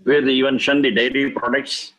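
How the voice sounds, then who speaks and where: A man teaching a lesson on scripture, speaking slowly and emphatically, repeating key words for stress. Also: medium pitch, level tone, a bit bright, rough recording. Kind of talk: lecture explaining scripture.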